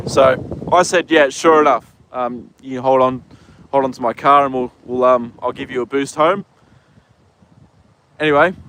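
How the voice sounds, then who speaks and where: A young man telling stories outdoors on a casual live stream, rambling and relaxed, with lots of fillers and the odd swear word. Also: mid-range voice. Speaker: live streamer working in horse racing. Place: outdoors with horses in the wind. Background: faint wind noise.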